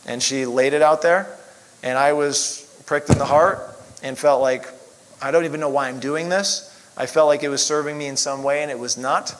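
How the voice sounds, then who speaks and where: Middle-aged man, fairly high voice, casual rambling testimony, filler-heavy. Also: steady tone, moderate pace, rough recording. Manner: rambling, lots of "you know" fillers. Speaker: chiropractor sharing testimony.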